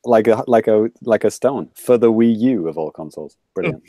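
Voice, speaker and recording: A man's voice: on the low side, moderate pace, warm tone, no echo, clean studio sound. A man co-hosting a podcast in casual chat, joking and laughing often. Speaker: podcast co-host.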